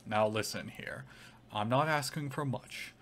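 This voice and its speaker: A man voicing a fat, scheming crocodilian crime lord in a tabletop game, with an Irish accent and a smooth, wheedling sales patter. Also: mid-range voice, unhurried, fairly bright tone, slight background noise. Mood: persuasive.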